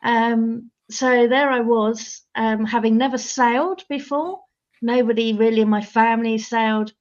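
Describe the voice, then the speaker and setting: A woman, a guest on a chat show, telling her story in an earnest, measured way. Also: fairly high pitch, lo-fi sound. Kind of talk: casual chat.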